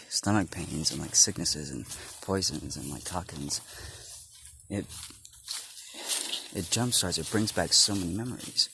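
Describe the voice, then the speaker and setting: A man in a casual vlog, rambling with many fillers, laughing often and drifting between loud and murmured talk. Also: low voice, gravelly. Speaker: vlogger. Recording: background noise.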